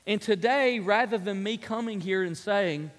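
A man preaching a sermon as pastor, telling stories in an animated way that swings from loud to hushed. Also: high-pitched, moderate pace, background noise. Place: church sanctuary. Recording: long reverb of a large hall.

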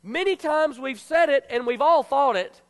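A man preaching a sermon as pastor, passionate and then quiet and confessional. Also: very high voice, animated, normal speed. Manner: emotional, confessional preaching that drops to a hush. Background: soft piano music.

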